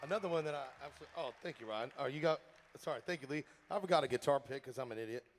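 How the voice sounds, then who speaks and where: A country singer-songwriter with a mid-range voice talks at a racing pace between songs on a theater stage at a live benefit show. He tells loose stories, laughs, and pokes fun at himself. His stage microphone picks up the hall's echo along with guitar.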